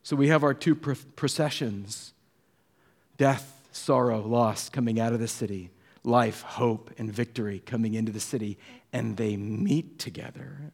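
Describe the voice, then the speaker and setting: A man preaching a sermon as a pastor, telling stories with acted-out quotes, moving between hushed and animated delivery. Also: mid-range voice, a little slow.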